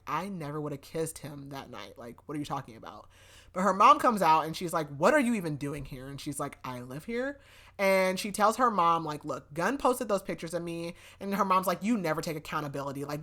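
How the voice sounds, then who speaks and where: A woman's voice: low-pitched, a bit bright. A young woman hosting a podcast, recapping a novel in a casual, chatty way with lots of fillers and frequent laughs. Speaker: podcast host. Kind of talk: casual book recap chat.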